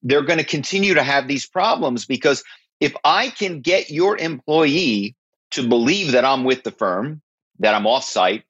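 A man's voice: medium pitch, a bit bright, breathy edge, dry recording, muffled recording. A man, a former corporate spy, telling stories as an interview guest in an emphatic way. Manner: emphatic, keeps asking "right?".

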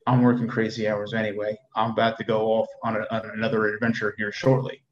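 A man's voice: lowish voice, monotone, fast, a little hiss or hum. A man in his thirties, a soldier, talking candidly in a casual conversation and often repeating words as he thinks. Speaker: soldier guest. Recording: dull echoey room sound.

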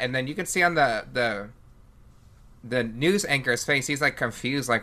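A man's voice: mid-range voice, normal speed, pushed and bright. A man hosting a podcast, chatting casually and animatedly, swearing freely and laughing often. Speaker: podcast host.

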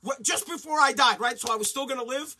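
Male sports ranter, high husky voice, profane and mocking. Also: fast talker. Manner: profane, mocking, shouts and mimics. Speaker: sports commentary host. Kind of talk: ranting sports commentary.

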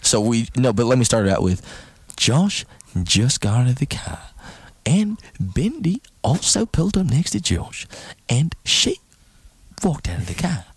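Young male podcast host, lively voice, dry close mic, jokey. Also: mid-range voice, a little slow, husky, dry recording. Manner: joking, laughs often. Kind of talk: casual comedy podcast banter.

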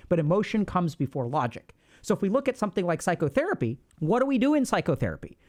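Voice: mid-range voice, a little mellow. Blunt, swearing therapist giving advice. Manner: blunt, swears, acts out sample dialogues. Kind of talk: casual advice talk to camera.

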